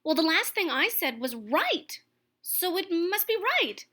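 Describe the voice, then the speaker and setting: A woman's voice: very high-pitched, very animated, measured pace, sharp tone, voice pushed up, heavily acted. A woman reading aloud and voicing a young, eager, absent-minded male bunny. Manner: eager, questioning.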